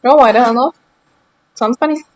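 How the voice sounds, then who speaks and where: A woman's voice: a little high, moderate pace, darkish tone, dry recording, lo-fi sound. A young woman streaming a game, chatting casually with her viewers in a teasing, mock-indignant way.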